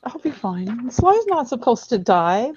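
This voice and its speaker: A woman player chatting at a tabletop game, soft and hesitant. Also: fairly high pitch, sing-song, unhurried, husky, highs cut off. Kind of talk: casual chat at a tabletop game.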